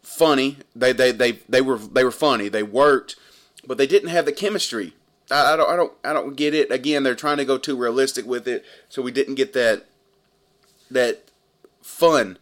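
A man's voice: medium pitch, moderate pace, a bit bright. A man in his thirties giving a casual movie review vlog, earnest and rambling, often repeating his points.

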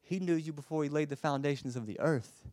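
A man preaching a sermon with passion, swinging from loud urging to a soft hush and often stammering and repeating words. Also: a little high, fast talker, dry recording, clean studio sound.

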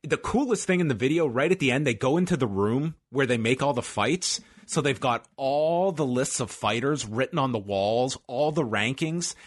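A man co-hosts a podcast with loose, rambling, jokey storytelling. His voice sits at an ordinary middle pitch, and he talks in a relaxed, chatty way. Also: normal speed, few pauses, slightly rough. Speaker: podcast co-host. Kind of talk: casual podcast chat.

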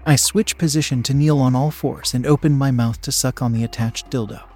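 A man calmly narrating a first-person story in an even reading voice, at times hushed. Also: mid-range voice, fairly quick, few pauses, soft background music.

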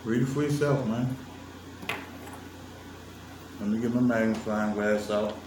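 Recorded on a distant mic with roomy sound, faint ambience and a noisy background, a vlogger delivers a casual lecture on religion straight to his viewers. His voice is fairly low and his pace measured, and he's emphatic and teasing, laughing often.

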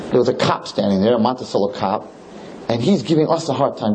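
A male rabbi tells a story during a religious lecture, his voice leaping upward whenever the story heats up. His tone is mellow and dark at mid pitch, with a faint hum of noise behind him. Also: fast, rough recording. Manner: animated, pitch jumps high when excited.

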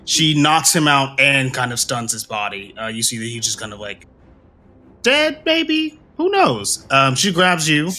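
A man narrating a tabletop game as game master, relaxed and full of ums and uhs. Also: mid-range voice, moderate pace, few pauses, slight background noise.

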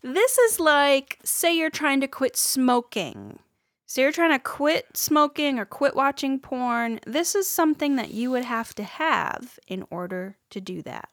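A woman on a comedy podcast teases her co-host with playful hints. Her fairly high voice swings lively, and the sound is dry and close. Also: unhurried, dry recording. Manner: teasing, quiz-like, playful. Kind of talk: comedic casual chat.

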